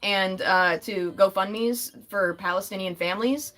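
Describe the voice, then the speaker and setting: A young woman hosts a relaxed livestream and talks in a loose, chatty way. She laughs often and keeps answering comments from her chat. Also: medium pitch, measured pace. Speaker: livestream host.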